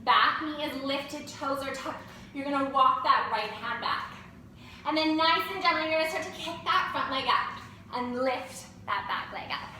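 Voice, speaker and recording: Woman, high bright voice, encouraging yoga cues, very echoey room, distant mic. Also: a little hiss or hum. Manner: encouraging, cueing poses and breaths. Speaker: yoga teacher. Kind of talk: guided yoga class instruction.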